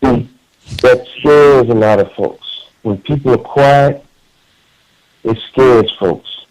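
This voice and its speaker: A man's voice: mid-range voice, slow, darkish tone, rough recording. A man calling in to a radio talk show, speaking in an earnest, emphatic way with frequent repeated words and restarts. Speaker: caller.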